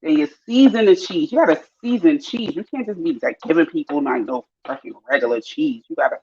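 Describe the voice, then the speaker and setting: A woman's voice: deep voice, lively intonation, a little fast, few pauses, darkish tone. A woman chatting casually and slangily while cooking in her home kitchen. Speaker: live-stream host. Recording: dull lo-fi stream audio.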